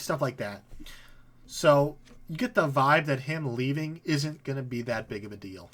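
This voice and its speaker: A man's voice: mid-range voice, a little slow, a bit bright. Casual man running a tabletop game. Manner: casual, laughing, voices figures briefly. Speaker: game master.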